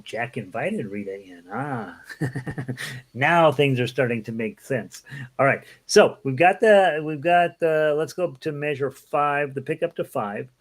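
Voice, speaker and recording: A man with a medium-pitched voice gives a casual online ukulele lesson, relaxed and chatty. He counts the beats out loud and sings lines as he plays, with ukulele audible in the background.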